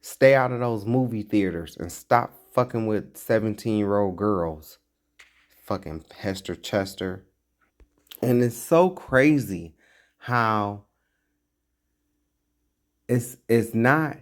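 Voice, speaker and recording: Man commentator, slow and lowish, blunt and mocking, swears freely. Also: expressive. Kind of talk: reaction commentary on a clip.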